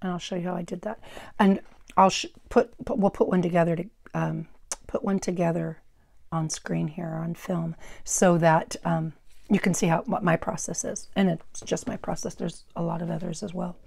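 Chatty middle-aged woman, loud and dry. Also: fairly low pitch, level tone, moderate pace, gravelly, breathy edge, no room sound. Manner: rambling, friendly, with asides and self-corrections; naturally loud speaking voice. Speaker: craft tutorial host. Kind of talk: chatty step-by-step craft demonstration. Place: indoors at a craft workstation. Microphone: wearable microphone.

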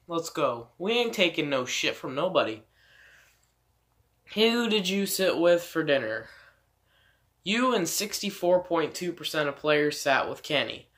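A man's voice: fairly high pitch, fairly bright tone. A man giving casual game commentary, rambling and swearing with many fillers. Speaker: let's play gamer.

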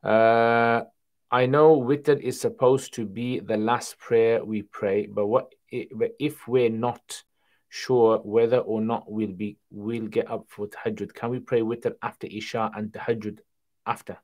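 A man with a lowish voice hosts a casual livestream Q&A. He reads each viewer question aloud and then answers it in an easygoing, conversational way. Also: fairly even intonation, a little slow, a little mellow. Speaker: Islamic Q&A livestream host.

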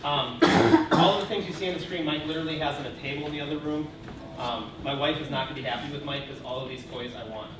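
A man's voice: a little high, quick pace. A man hosting an event, introducing the next presenter in a loose, informal way. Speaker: event host. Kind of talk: event emcee. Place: museum event room. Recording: echoey room from far off, noisy.

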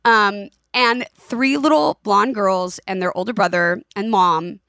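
A woman's voice: medium pitch, measured pace, vocal fry, dry recording. Woman, forties, podcast co-host, casual storytelling, close dry sound. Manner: animated storyteller, acts out voices in anecdotes. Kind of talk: casual chat.

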